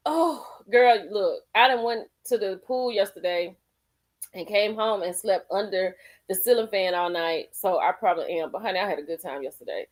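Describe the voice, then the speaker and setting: A woman's voice: medium pitch, normal speed. A woman hosting a casual live stream, chatting with viewers, greeting them by name and laughing often. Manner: folksy, calls people girl and honey.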